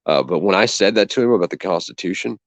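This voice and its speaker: A man's voice: low-pitched, animated, quick pace, no room sound. A man hosting a casual chat, telling an indignant, profane story and acting out both sides of the conversation. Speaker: channel host. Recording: dull dry lo-fi sound.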